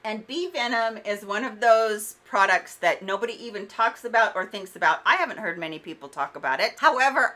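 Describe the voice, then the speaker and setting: A woman with a bright, clear voice and a lilt talks through her favorite finds. She is chatty and enthusiastic, with a casual review style and folksy asides. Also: on the high side. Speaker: fashion and beauty vlogger.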